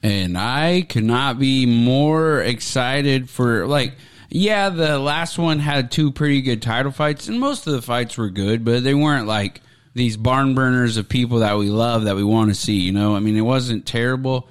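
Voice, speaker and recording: A man's voice: medium pitch, measured pace, clear, resonant tone. Profane, jokey man chatting. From Oklahoma. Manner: loose, profane, jokey, breaks into mimicking voices. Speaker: podcast co-host. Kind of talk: casual chat about fighting.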